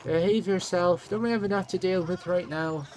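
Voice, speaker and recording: A man's voice: high-pitched, moderate pace, slight background noise, voice pushed up, close to an everyday voice. A man voicing a bossy, scolding middle-aged village aunt who barks orders at her family. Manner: sharp, scolding, commanding.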